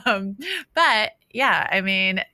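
Woman from Australia, co-host; bright, smooth, dry close sound, easy laughter. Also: medium pitch, takes it slowly, no echo. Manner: laughs often, self-deprecating. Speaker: podcast co-host. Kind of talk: casual chat.

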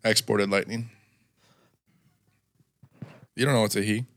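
A man's voice: lowish voice, steady tone, measured pace, a bit bright, no echo, clean studio sound. A man chatting casually while reacting to a movie, with sarcastic, laughing, swearing asides. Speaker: movie commentator.

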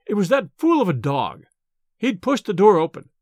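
A man's voice: high-pitched, big pitch swings, darkish tone, no echo, studio quality. A man doing a stammering, evasive young student. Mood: nervous, evasive. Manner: stammering, hurried excuses.

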